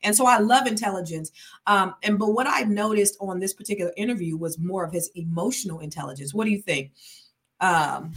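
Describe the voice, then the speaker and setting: A woman hosting a podcast in casual chat, a naturally fast talker who is trying to slow down, with chatty asides and frequent ums. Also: mid-range voice, breathy edge. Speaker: podcast host.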